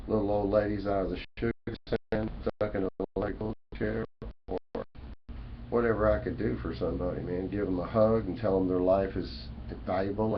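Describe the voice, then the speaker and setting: A man talking straight to his webcam in a rambling, folksy, preachy way, full of "you know" and "man". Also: on the low side. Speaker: vlogger. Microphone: webcam mic. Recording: dull lo-fi webcam audio with faint room noise.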